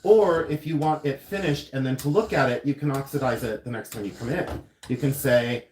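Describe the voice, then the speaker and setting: Chatty male craft host, rambling storyteller, mid-pitched voice, echoey workshop. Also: brisk, a little hiss or hum. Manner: chatty, rambling storyteller who goes on tangents. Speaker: silversmith livestream host. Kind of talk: casual chat while demonstrating jewelry making. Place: jewelry studio.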